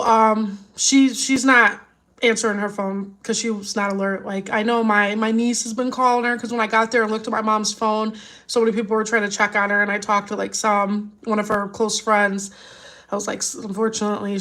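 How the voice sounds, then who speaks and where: A mother who vlogs is chatting casually with her viewers in a live session, her medium-pitched voice a bit bright. She sounds worried and upset, close to tears, rambling and restarting her sentences again and again.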